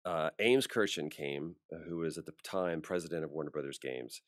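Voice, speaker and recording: Male voice actor, deep and dry-miked, a relaxed interview guest who brings his anecdotes to life. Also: normal speed, dry recording. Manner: animated storyteller acting out quoted voices. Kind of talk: casual interview storytelling.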